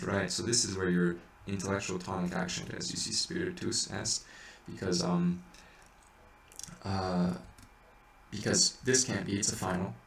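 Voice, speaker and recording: Low gravelly guy walking through chant rules, halting, kinda far from the mic in an echoey room. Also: flat delivery, a bit bright. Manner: thinks aloud, hesitant with many restarts, breaks into sung examples. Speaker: chant teacher. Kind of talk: informal music lesson. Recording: echoey room, mic at a distance, faint hiss.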